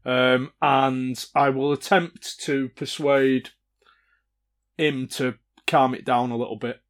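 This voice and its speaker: A man's voice: mid-range voice, steady tone, slow pace. Male tabletop player, hesitant and filler-heavy, mid-range voice. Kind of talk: casual tabletop game chat.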